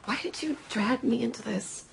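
An actress playing a worried young woman who speaks softly and earnestly and grows blunt in a film drama. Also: fairly high pitch, moderate pace, vocal fry, slight background noise. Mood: reproachful. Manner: soft and earnest, sharpening into blunt reproach. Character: worried young woman confronting her lover.

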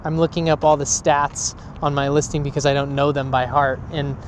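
A man's voice: on the high side, level tone, brisk, a little hiss or hum. A man hosting a casual vlog, chatty and rambling, sometimes losing his thread. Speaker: vlog host.

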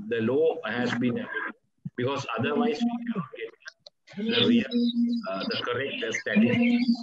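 Halting Sri man, formal address. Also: mid-range voice. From Sri Lanka. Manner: halting, formal delivery full of uh fillers. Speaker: police official giving a presentation. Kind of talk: formal conference presentation. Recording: dull lo-fi audio with faint background noise.

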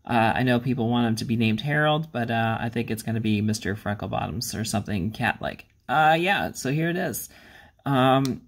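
A man's voice: mid-range voice, expressive, moderate pace. A man hosting a miniature-painting channel, talking casually in a rambling, self-deprecating way, with plenty of ums and uhs. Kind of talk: casual hobby vlog.

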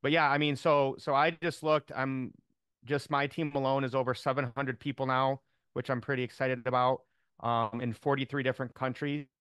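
Upbeat man on a video call, rambling, smooth clear voice, dry sound. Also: mid-range voice, flat delivery, moderate pace, fairly bright tone, no room sound. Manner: upbeat, rambling, many fillers. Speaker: team member on a call. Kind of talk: casual chat on a video call.

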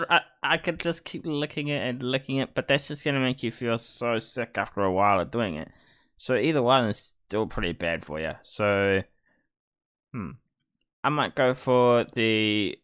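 A man's voice: medium pitch, expressive, measured pace, pushed and bright, clean tone. A man commentating casually as a gaming YouTuber, thinking aloud in a chatty, hesitant way. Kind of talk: casual commentary while playing a quiz.

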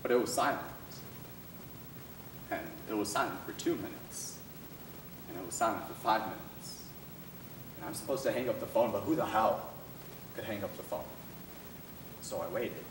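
A teenage boy performing a dramatic monologue for a speech competition, intense, swinging between loud outbursts and hushed lines. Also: lowish voice, normal speed, long pauses, noisy background. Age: teens. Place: school performance room. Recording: echoey room, mic far off.

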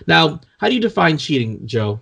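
A man co-hosting a casual podcast chat, dry and deadpan, teasing his co-host. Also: a little high, normal speed, gravelly, breathy edge.

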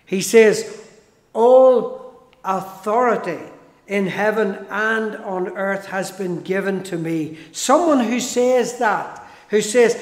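A man preaching a sermon in a church, slow and emphatic, repeating key phrases for weight. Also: sits high. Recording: echoey church hall.

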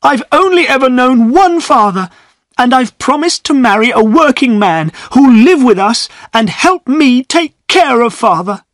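A man's voice: mid-range voice, expressive, normal speed, fairly bright tone, no echo, clean studio sound. A man reading a story aloud and voicing a loyal young village woman who speaks firmly and pleads through tears. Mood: tearful. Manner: pleading, firm.

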